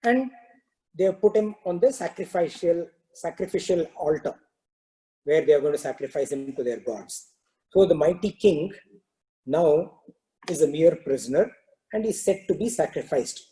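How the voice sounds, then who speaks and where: A man telling a parable during a spiritual talk, in a relaxed storytelling manner with many "you know" fillers. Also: fairly high pitch, moderate pace, low-quality recording. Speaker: spiritual discourse teacher.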